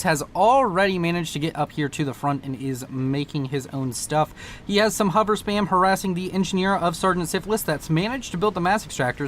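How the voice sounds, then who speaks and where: A man's voice: fairly high pitch, slight background noise. A young man casting a strategy game, joking and mocking himself as he rambles through the play-by-play. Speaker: game caster. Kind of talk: live strategy game commentary.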